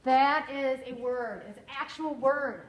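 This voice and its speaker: A woman's voice: sits high, unhurried, a little hiss or hum. A woman teacher reading a picture book aloud to her class, playful and encouraging, savoring fun words. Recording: roomy classroom echo.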